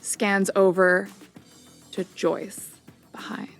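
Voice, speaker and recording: A woman's voice: mid-range voice, little pitch movement, soft background music. A woman narrating as game master of a tabletop game stream, chatty and full of ums. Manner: chatty, lots of ums, quick asides.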